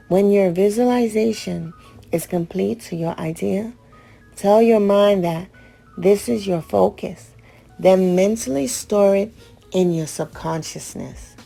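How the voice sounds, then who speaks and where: A woman's voice: fairly low pitch, creaky, mellow. A woman hosting a radio show, reading out ritual steps and breaking off for blunt, profane, joking asides.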